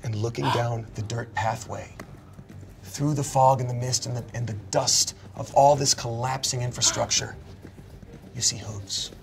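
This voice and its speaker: A man running a tabletop role-playing game, narrating scenes with animated, cinematic storytelling. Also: medium pitch, measured pace, gravelly, slight background noise. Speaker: game master.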